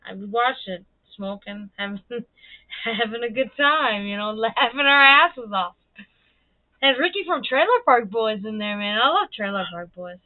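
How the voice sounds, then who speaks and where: A chatty woman hosts her own livestream, rambling through stories with lots of swearing and easy laughter. Her voice sits a little high. The sound is thin and phone-like, with no room echo at all. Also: expressive, moderate pace. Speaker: livestream host. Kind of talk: casual livestream chat. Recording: dry, tinny phone-like sound.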